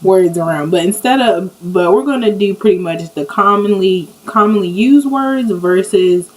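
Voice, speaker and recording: A woman's voice: mid-range voice, moderate pace, rough recording. A woman co-hosting a podcast in casual chat, explaining words and laughing easily. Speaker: podcast co-host.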